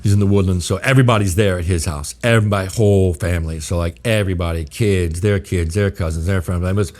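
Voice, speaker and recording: Middle-aged male guest from New Orleans with a very low voice; casual, salty storyteller who plays out the dialogue he quotes. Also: fast talker. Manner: profane, animated, acts out quoted exchanges. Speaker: guest chef.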